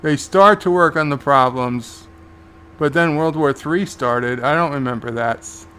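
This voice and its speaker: A man's voice: a little high, unhurried, sharp tone, smooth. A man hosting a live watch-along, casually recapping scenes and paraphrasing the characters' lines. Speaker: show host and reviewer.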